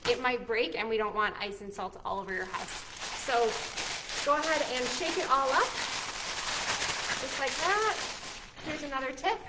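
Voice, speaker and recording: Brief: upbeat young woman librarian, high voice, addresses kids directly. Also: moderate pace, pauses often, very noisy. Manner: cheerful, encouraging, talks straight to kids. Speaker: children's librarian. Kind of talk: children's storytime and cooking demo.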